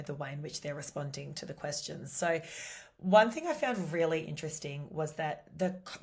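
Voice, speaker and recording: An Australian woman, a podcast host, chatting casually on her solo show in a lively, talkative way with lots of "you know" and "like". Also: low-pitched.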